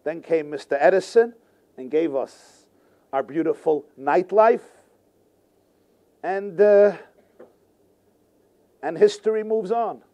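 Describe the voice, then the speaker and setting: A man, a rabbi, teaching a Torah class in an animated way, full of rhetorical questions and repetition. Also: a little high, takes it slowly, pauses often.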